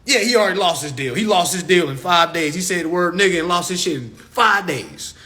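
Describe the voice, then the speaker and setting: A man's voice: high-pitched, lively intonation, a little fast, bright, forceful tone. A man ranting on a livestream, profane and preachy, repeating his points with emphasis. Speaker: social media live host. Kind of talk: unscripted livestream rant. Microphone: phone livestream.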